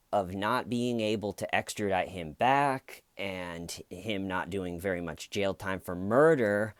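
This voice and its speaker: A man's voice: fairly low pitch, no echo. A man casually telling a true crime story with jokey, sarcastic asides.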